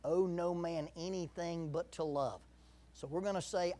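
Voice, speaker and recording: A man's voice: fairly high pitch, fairly even intonation, a little slow, darkish tone. A middle-aged man preaching a sermon in a church, emphatic, repeating key phrases and leading the congregation in call-and-response.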